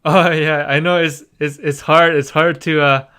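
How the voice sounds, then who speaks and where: A man's voice: on the high side, little pitch movement, normal speed, pushed and bright, clean tone. A young man from Canada, teaching Korean in a casual, chatty livestream and laughing often. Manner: chatty, laughs often, reads chat aloud.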